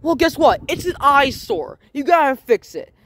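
A woman's voice: high-pitched, big pitch swings, normal speed, a bit bright. A woman voicing a nagging, bossy male landlord in a homemade plush toy skit.

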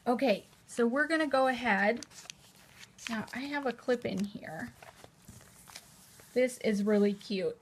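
A woman with a voice on the high side hosts a casual live-stream showcase of new planners from a table at home. Talking to a camera in a holder, she's gushing and chatty, repeating how cute each page is.

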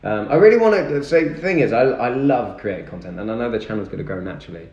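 A man's voice: mid-range voice, lively intonation, quick pace, darkish tone, dull audio. Chatty young man, echoey room. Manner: chatty, reads and answers viewer comments. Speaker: livestreamer. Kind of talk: casual live stream chat. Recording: echoey room with music behind.

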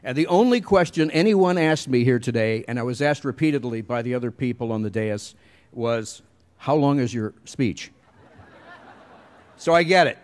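A man's voice: medium pitch, lively intonation, brisk, darkish tone. A middle-aged man giving a commencement speech, telling wry, self-deprecating stories at a podium mic. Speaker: commencement speaker.

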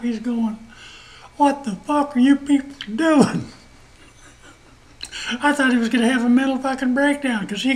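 High-voiced man ranting, profane and emphatic. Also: low-quality recording. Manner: profane, emphatic, laughs at his own points. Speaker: host. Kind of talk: rambling monologue rant.

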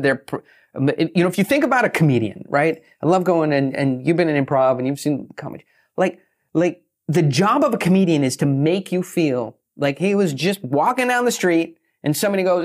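A brash man with a fairly high voice, talking fast and blunt on a podcast. He swears freely and acts out quick quoted bits as he explains how to pitch. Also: lively intonation. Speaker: guest, author and pitch expert. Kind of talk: fast casual podcast talk.

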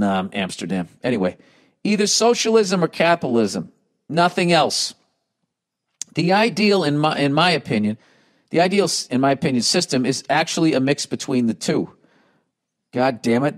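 A middle-aged man with a Boston accent hosting a podcast, reading listener emails aloud and answering with sarcastic, profanity-heavy rants that swing from mocking high jabs to low grumbling. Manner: sarcastic, swears heavily, swings between mocking highs and grumbling lows. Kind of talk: profane comedic podcast rant.

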